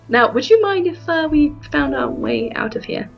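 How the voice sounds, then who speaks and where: A woman playing a tabletop game, chatting in an easygoing, relaxed way. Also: high-pitched, slow, creaky, dull audio, faint music behind. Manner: laughing, easygoing. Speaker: player. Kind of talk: casual tabletop play.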